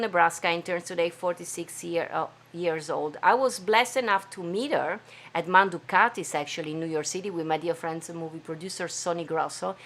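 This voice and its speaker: This is a woman with an Italian accent, hosting a casual live stream from home. She talks in an enthusiastic, chatty way, with plenty of fillers and small slips. Her voice sits fairly low for a woman. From Venice, Italy. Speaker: host of a live stream show. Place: home studio.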